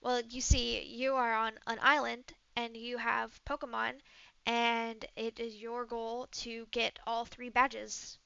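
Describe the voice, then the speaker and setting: A woman's voice: a little high, level tone, creaky, sharp tone, clear, resonant tone, no echo, full character voice. A woman voicing a polite male robot guide who speaks formally and hides his purpose. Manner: formal, measured speech. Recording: dull lo-fi mic.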